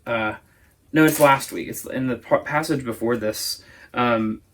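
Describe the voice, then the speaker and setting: A man's voice: mid-range voice, unhurried. A man teaching a Sunday school lesson, explaining at length in a casual, thoughtful way. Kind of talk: casual Bible discussion.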